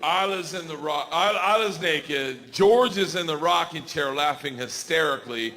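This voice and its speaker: A man in his thirties doing a crude, animated stand-up set on a club stage, telling a story with shouted outbursts. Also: on the high side, normal speed. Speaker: stand-up comedian. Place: comedy club stage before a laughing crowd. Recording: live club recording, crowd laughter.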